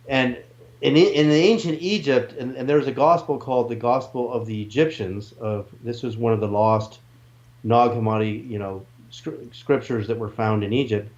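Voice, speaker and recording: A man's voice: fairly low pitch, darkish tone. Man explaining in a dull lo-fi recording. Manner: earnest explaining, restarts and asides, sings tones to demonstrate. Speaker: interview guest, researcher. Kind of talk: explanatory interview talk.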